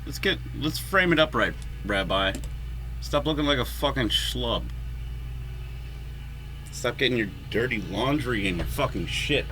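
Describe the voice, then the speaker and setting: A man's voice: medium pitch, expressive, a little slow, pauses often, bright, forceful tone, soft background music. A man rambling alone in a home vlog, swearing often and mocking himself as he talks to himself. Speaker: vlogger and musician. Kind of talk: rambling solo vlog talk. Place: at home, neighborhood lawnmowers outside.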